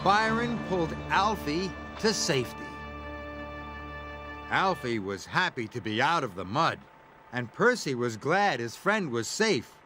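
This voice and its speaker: A man narrating a children's story aloud in a slow, read-aloud manner. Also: a little high, very animated, bright, forceful tone. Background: background music.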